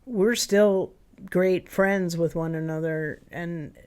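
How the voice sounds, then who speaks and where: A woman's voice: on the low side, steady tone, slow pace, darkish tone, smooth. A woman in her fifties, a guest in a casual interview chat, who meanders and restarts her sentences. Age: 50s. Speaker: camp owner, guest.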